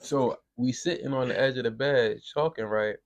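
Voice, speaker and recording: A young man from Brooklyn, telling a wild story on a podcast in a casual, profane, animated way. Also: medium pitch, moderate pace, creaky. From Brooklyn, New York. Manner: animated, profane, acts out voices in quotes.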